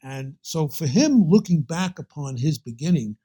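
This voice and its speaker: A man's voice: a little high, animated, moderate pace, mellow, breathy edge. An older man with a Brooklyn accent, a guest telling long anecdotes in an interview, full of restarts and asides. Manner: rambling anecdotal storyteller with many restarts. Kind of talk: storytelling interview.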